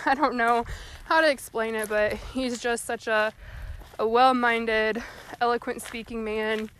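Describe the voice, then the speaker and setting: A woman's voice: fairly high pitch, steady tone, a little slow, fairly bright tone, clean tone. A young woman hosting a podcast, talking casually and a little out of breath while she walks. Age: young adult. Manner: rambling, folksy, earnest. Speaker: podcast host. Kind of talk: casual solo talk. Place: walking outdoors.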